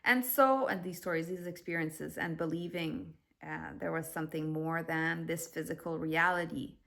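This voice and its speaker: A woman speaks to her viewers in a low-pitched but bright, forward voice. She tells a personal story in a reflective, unhurried way, pausing and restarting as she goes. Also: fairly even intonation, vocal fry. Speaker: spiritual vlogger.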